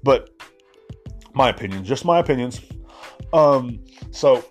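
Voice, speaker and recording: A man's voice: mid-range voice, animated, measured pace, faint music behind. A man hosting a podcast, rambling through a casual, profane solo rant. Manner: rambling, profane, laid-back. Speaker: podcast host.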